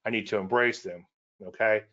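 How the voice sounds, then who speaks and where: A man's voice: on the low side, steady tone, moderate pace, pushed and bright, dull audio. A man with a Cajun Louisiana accent giving a casual trading presentation, repetitive and folksy with self-deprecating asides.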